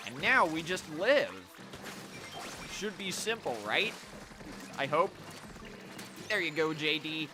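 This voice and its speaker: A man's voice: on the high side, expressive, slow, pauses often, over music. A young man giving live gameplay commentary as a streamer, chatty, reacting to the game and talking to his chat.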